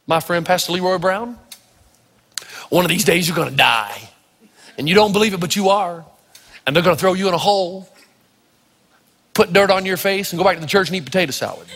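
A male pastor from Tennessee preaching a sermon full of stories, acting out voices and shouting for emphasis. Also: high-pitched, a little fast, gravelly, pauses often, breathy edge, long reverb tail. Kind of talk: sermon with storytelling.

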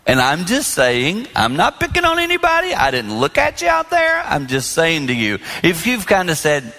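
A pastor in his sixties delivers a sermon on marriage before a large audience in a big hall, animatedly telling stories and acting out the dialogue. His voice is high with vocal fry, moving at a moderate pace with hardly any pauses. The recording carries a long hall reverb.

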